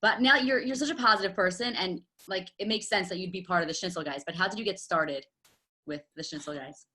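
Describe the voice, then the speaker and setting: A woman hosting an interview podcast, asking questions and affirming her guest in a quick, engaged way. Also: lowish voice, sharp tone. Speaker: podcast host.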